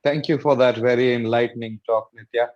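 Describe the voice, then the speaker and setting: A man's voice: mid-range voice, fairly even intonation, a little fast. A man hosting an online session, thanking the speaker and politely asking questions with some hesitation. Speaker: host. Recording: muffled lo-fi audio.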